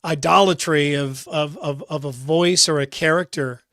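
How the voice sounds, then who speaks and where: A man's voice: fairly high pitch, steady tone, normal speed, fairly bright tone, no echo, studio quality. A man co-hosting a sports talk radio show, earnest and thinking aloud, often repeating words as he works out a point. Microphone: studio microphone.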